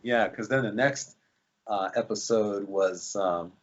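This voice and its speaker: A man's voice: fairly low pitch, slow pace, highs cut off. A man, an actor, chatting in an interview, rambling with lots of fillers and restarts. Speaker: actor guest. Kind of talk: casual interview chat.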